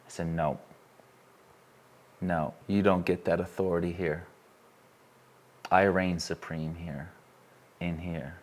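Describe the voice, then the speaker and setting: A man's voice: sits low, fairly even intonation, measured pace, long pauses. A man leading a live workshop, telling a candid personal story in an earnest way and putting questions to the people in the room. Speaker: workshop speaker. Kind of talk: live workshop talk to an audience. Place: room with a small live audience.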